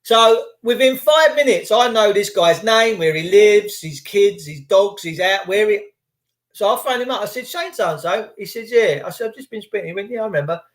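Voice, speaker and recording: A man's voice: sits high, expressive, moderate pace. A middle-aged man, telling defiant stories in casual monologue and acting out the phone calls he quotes.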